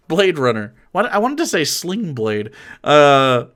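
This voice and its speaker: Swearing, lively-voiced male streamer. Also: fairly high pitch, slow. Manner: profane, ranting, laughs a lot, swings between mumbling and yelling. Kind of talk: livestream reaction commentary.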